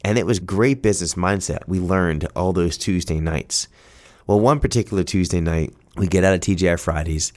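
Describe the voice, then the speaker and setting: A man's voice: sits low, normal speed, a little mellow. A man telling a personal story in an earnest, heartfelt, conversational way.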